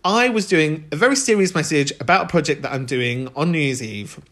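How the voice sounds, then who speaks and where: A man's voice: on the high side, lively intonation, a little fast, fairly bright tone. A young man hosting a podcast in a casual monologue, chatty and swearing, laughing often. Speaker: podcast host.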